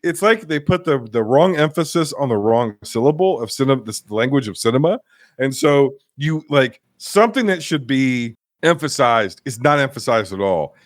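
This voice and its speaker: Animated man riffing on a bad film. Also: mid-range voice, normal speed, no echo, clean studio sound. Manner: animated, swearing, acts out scenes in mock voices. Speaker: podcast co-host. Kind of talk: casual film review chat.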